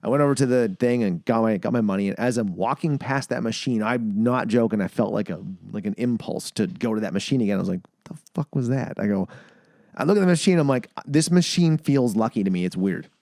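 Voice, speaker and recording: A man chatting on a podcast at a fast clip, recorded close and dry with no room sound. He tells stories in an animated way, jumping high in pitch when he acts out other people's lines. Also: no echo. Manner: animated storyteller, acts out quoted voices with big pitch jumps, swears freely. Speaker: podcast co-host. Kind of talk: casual storytelling chat.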